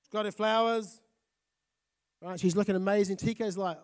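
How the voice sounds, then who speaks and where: High-voiced man preaching lively. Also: normal speed. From Fiji. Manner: lively, conversational, often asks the crowd "right?". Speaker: pastor. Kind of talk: sermon.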